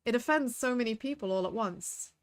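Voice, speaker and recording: A woman's voice: a little high, a little fast. A woman streaming a game, chatting with her viewers as she plays. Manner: chatty, talks to chat between reading game lines. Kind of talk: casual game commentary.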